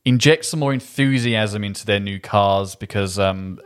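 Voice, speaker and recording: A man's voice: on the low side, normal speed, clear, resonant tone. A man from England hosting a casual film review chat, enthusiastic and rambling with frequent restarts. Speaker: film podcast host.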